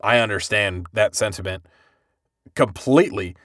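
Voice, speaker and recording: A man's voice: fairly low pitch, moderate pace, fairly bright tone, no echo, clean studio sound. A man hosting a podcast, recapping an anime in casual, profane chat and acting out the characters' lines. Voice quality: bald-headed joker, swears freely. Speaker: podcast host.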